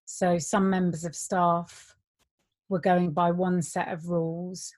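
A woman's voice: fairly low pitch, little pitch movement, slow pace, a little mellow. A woman who worked in a care home, speaking plainly and bluntly in an interview.

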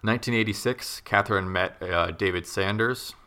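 Male co-host, deep and gravelly, loose rambling true-crime storyteller. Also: normal speed, pushed and bright. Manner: rambling, lots of "like" and restarts, wry asides. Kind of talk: casual storytelling chat.

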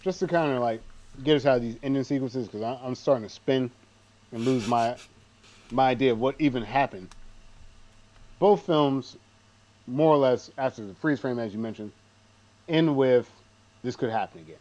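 A man's voice: medium pitch, moderate pace, long pauses, a little mellow. Male podcast co-host, dry and rambling, slightly dull recording. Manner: rambling, self-deprecating, dry asides. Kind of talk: casual movie recap chat.

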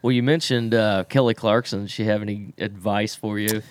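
A man's voice: fairly low pitch, fairly even intonation, moderate pace. A man interviewing a guest, with brief, easygoing reactions and questions.

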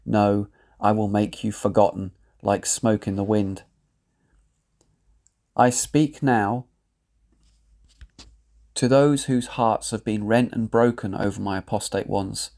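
Guy reading a prophecy, slow and solemn, low gravelly voice. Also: fairly even intonation, a little mellow. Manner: measured, grave, declamatory. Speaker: lay prophet.

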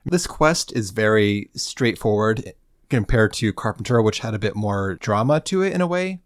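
Low-voiced, dry man co-host. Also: expressive, normal speed, no echo. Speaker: podcast co-host. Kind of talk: casual chat recapping a game questline.

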